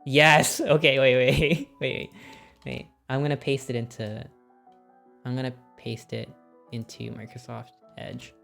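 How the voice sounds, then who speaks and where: A woman streaming casually, ranking films with excited, swear-filled chat and frequent laughter. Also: extremely low pitch, unhurried, creaky, faint music behind.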